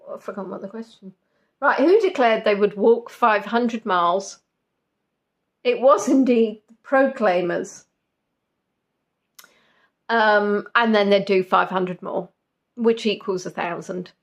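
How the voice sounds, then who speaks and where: A woman's voice: mid-range voice, slow, long pauses. A woman hosting a live-stream quiz in a casual chat, giggly and jokey with rambling asides. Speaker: quiz host.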